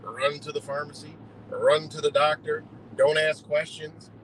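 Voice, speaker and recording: A man's voice: a little high, little pitch movement, measured pace, fairly bright tone, a little hiss or hum, rough recording. A man ranting heatedly and profanely in a rambling live monologue, streaming from a car on the road. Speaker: livestreamer.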